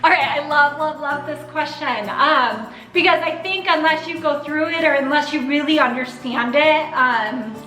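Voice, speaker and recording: A woman's voice: sits high, moderate pace, hardly any pauses, sharp tone, roomy sound, soft background music, low-quality recording. A woman in her thirties answering viewer questions in a casual vlog, earnest and open about fostering, at times holding back tears. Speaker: vlogger, foster and adoptive mother.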